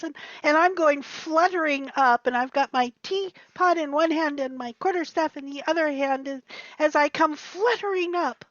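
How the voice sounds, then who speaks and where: Very high-voiced playful woman player. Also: normal speed, no room sound, muffled recording. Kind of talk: casual chat.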